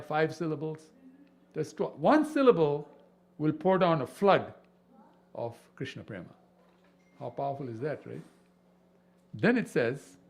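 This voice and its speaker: Lively man teaching scripture. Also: fairly high pitch. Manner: animated, peppered with rhetorical questions. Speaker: spiritual teacher. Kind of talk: devotional scripture class.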